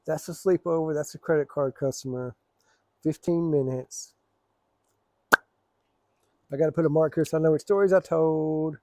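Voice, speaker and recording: A man's voice: a little high, steady tone, normal speed, pauses often, mellow, dry recording. A man telling rambling, profane stories in a casual, laid-back way. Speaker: storyteller. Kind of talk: casual storytelling.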